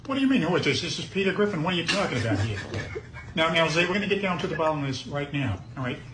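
A man's voice: a little high, sing-song, very fast. A man doing a blustering cartoon family dad on a prank call, nasal and accusing, his voice swooping up and down. The clip plays from a distance, with a noisy hiss underneath. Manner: blustering, accusing, laughs mid-line. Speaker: prank caller.

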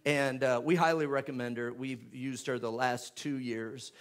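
A man, a pastor making church announcements in a chatty, joking way before rising into loud, fervent prayer. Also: mid-range voice, fairly even intonation, measured pace. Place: church sanctuary with live congregation.

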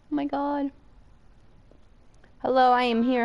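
A young woman streamer chatting casually with her viewers, excitable, squealing and laughing often and swearing freely. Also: high-pitched, unhurried, creaky, pauses often, highs cut off.

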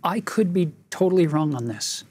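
A woman's voice: on the low side, expressive, moderate pace, darkish tone, slightly rough. A woman hosting a scripture study lesson, reading verses aloud and commenting on them earnestly, often asking listeners reflective questions.

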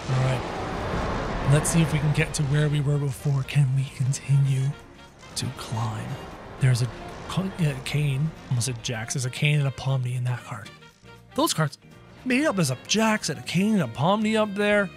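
A man giving excited, energetic commentary over his game, talking straight to his viewers. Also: sits high, moderate pace, faint music behind. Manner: energetic, talks to viewers as "guys". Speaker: gaming video creator.

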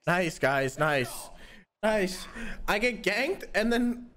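Slow, ranting gamer man streaming. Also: high-pitched, lively intonation, fairly bright tone. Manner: frustrated ranting, sing-song mutters. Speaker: streamer playing a ranked match. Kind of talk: gaming stream commentary.

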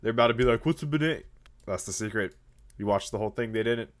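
A man's voice: fairly low pitch, flat delivery, fast talker. A man giving casual, joking commentary on a strategy game and chatting to his viewers. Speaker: gaming YouTuber.

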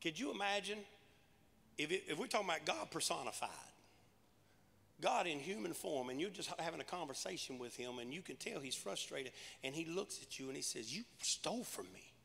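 A man's voice: on the high side, expressive, fairly quick, creaky, fairly bright tone, in a large hall. A male pastor preaching a sermon in a church, punchy and conversational, with casual everyday grammar. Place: large church sanctuary.

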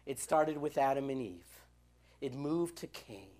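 A woman's voice: extremely low pitch, a little slow. A woman youth minister preaching a church sermon, telling stories and acting out the dialogue in them. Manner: animated storytelling, acts out quoted dialogue.

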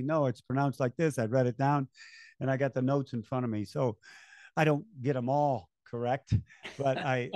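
A man's voice: mid-range voice, no room sound, clean studio sound. An older man, a race announcer, telling stories in an interview and acting out the voices of people he quotes. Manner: animated storyteller, acts out quoted voices, chuckles. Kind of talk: conversational storytelling interview.

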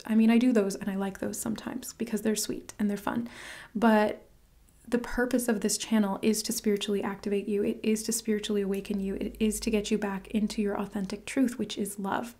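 Mulher sussurrante e entusiasmada, voz suave. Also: female voice, mid-range voice, dark tone. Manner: earnest, gushing, whispers for emphasis. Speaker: tarot reader, channel host. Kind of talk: casual spiritual reading to camera.

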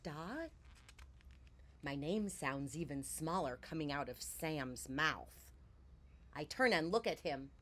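A woman storyteller reads a picture book aloud to children, in a slow, unhurried way. Her voice sits a little low, and she drops to hushed whispers, then bursts out loud. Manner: expressive, swings between hushed whispers and loud outbursts. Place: porch, outdoors.

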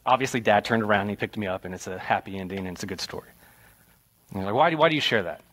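A man's voice: lowish voice, very fast. Man preaching a storytelling sermon. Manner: storytelling with rising animated retellings. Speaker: pastor. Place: church sanctuary.

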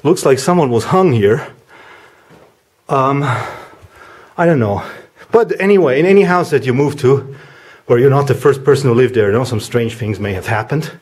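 A man talking casually as he walks through a house, giving a vlog tour with a chatty, wry, deadpan humor. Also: medium pitch, normal speed, slightly rough. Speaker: vlogger house sitting.

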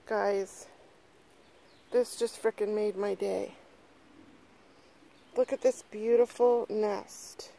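A woman's voice: mid-range voice, steady tone, slow pace, creaky, pauses often, warm tone. A middle-aged woman vlogging outdoors on her phone, breathless and gushing, swearing freely as she talks. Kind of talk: excited casual vlog. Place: outdoors in a yard. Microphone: handheld phone camera.

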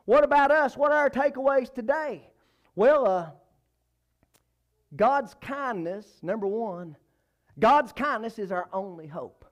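A man preaching a church sermon, emphatic, repeating phrases and swinging between loud and soft. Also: expressive, unhurried, pauses often, muffled recording. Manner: emphatic, repeats phrases, rises and falls in pitch and volume.

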